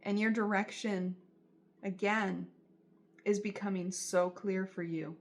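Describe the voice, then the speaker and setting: A woman gives a tarot reading directly to her viewers, speaking slowly in a steady, medium-pitched voice. She sounds soothing and reassuring and often repeats her phrases.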